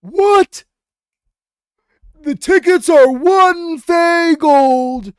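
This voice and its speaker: A man voicing an old, hard-of-hearing male goblin who sells tickets, shouting slowly. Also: extremely high pitch, dry recording, studio quality, voice pushed up, full character voice. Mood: confused shouting. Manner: shouting, drawn-out.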